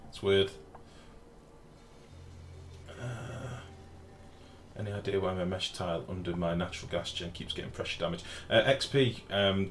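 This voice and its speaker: A man's voice: low-pitched, fairly bright tone, slight background noise. A man, streaming a game live and chatting casually while reading out chat messages and swearing freely.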